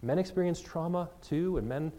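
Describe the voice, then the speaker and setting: A man's voice: a little high, moderate pace, dark tone. A man preaching a sermon as pastor, speaking earnestly in a conversational way to his congregation.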